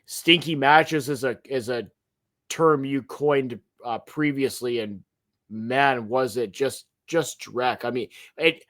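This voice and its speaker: Male podcast co-host, average pitch, emphatic and animated, trips over restarts. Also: takes it slowly. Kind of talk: casual wrestling history chat.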